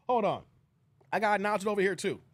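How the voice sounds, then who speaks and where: A man hosts a casual live stream, laughing often, thanking viewers, shouting out chat donors and quoting movie lines. His voice sits high and is expressive and fast, with no echo.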